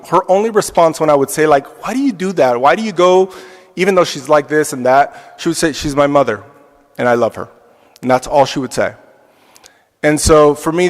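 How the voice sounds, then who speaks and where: A man teaching an adult church class, telling a personal story in a reflective way with casual fillers. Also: fairly high pitch. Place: church hall. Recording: long reverb of a church hall.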